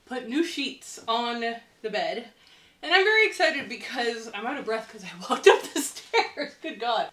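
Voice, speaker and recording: A woman's voice: mid-range voice, a little mellow. A young woman from Canada narrating a home renovation vlog in a chatty, upbeat way with small laughs. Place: old house, indoors.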